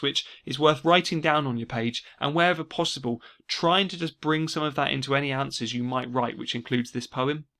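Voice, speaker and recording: A man teaching an exam revision lesson, explaining steadily and slowing down to stress key words. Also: mid-range voice, pushed and bright. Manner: explanatory, repeats key words slowly for emphasis. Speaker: English teacher.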